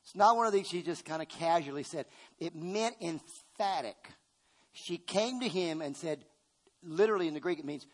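A middle-aged man preaching a sermon in a notably high voice. He is emphatic, jumping from loud, ringing lines down to hushed asides, and keeps calling on the congregation to answer back. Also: slightly rough. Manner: calls on the congregation to respond.

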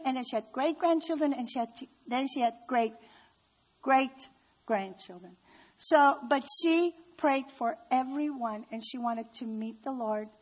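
A woman with a high-pitched voice tells stories of her family in a personal testimony talk. She speaks heartfelt and unhurried, leaning on key words. She is middle-aged. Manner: heartfelt, storytelling with slow emphasis. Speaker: speaker at a women's gathering.

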